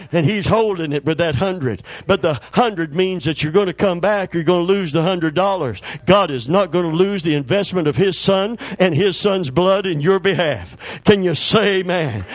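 A man preaching with a high voice, calling for amens and building to loud shouts before dropping to a hushed tone. The sound is close and dry, with no room echo. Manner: preaching with call-and-response, rising to shouts then dropping low. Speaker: pastor. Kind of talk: sermon.

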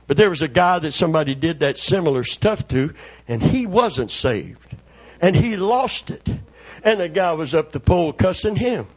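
A man, a preacher telling a folksy, animated story during a sermon. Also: high voice, husky. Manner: folksy, animated, acts out voices.

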